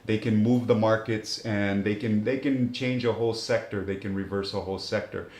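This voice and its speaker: Lower-voiced man explaining markets. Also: fairly even intonation, a little mellow, reverberant. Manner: measured, explanatory, with many fillers. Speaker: chief investment strategist. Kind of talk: finance show talk.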